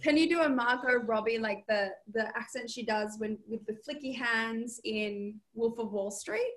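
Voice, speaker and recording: A woman hosting a podcast, playful and giggly, tossing in quick asides. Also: on the high side, fairly bright tone, rough recording. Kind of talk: casual podcast chat.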